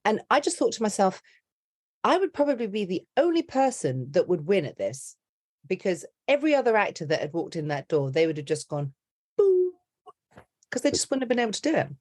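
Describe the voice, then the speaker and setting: A woman who coaches accents, chatting as a podcast guest in a lively, laughing way that often breaks off mid-sentence. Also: medium pitch, fast, no echo, clean studio sound. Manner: animated, laughing, self-interrupting storyteller. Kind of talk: casual interview chat.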